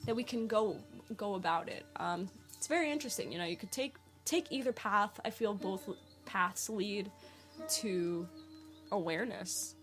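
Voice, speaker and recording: A woman's voice: medium pitch, normal speed, fairly bright tone, soft background music. A woman hosting a spiritual podcast, rambling with lots of fillers and firing questions at her listeners. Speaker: podcast host. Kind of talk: casual spiritual podcast monologue.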